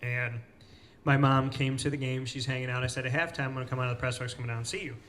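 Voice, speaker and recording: A man hosting a casual interview in a cafe, telling stories with lively retellings of what people said. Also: medium pitch, fast, slight background noise. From Central New York. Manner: animated storyteller, acts out quoted people. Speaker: host.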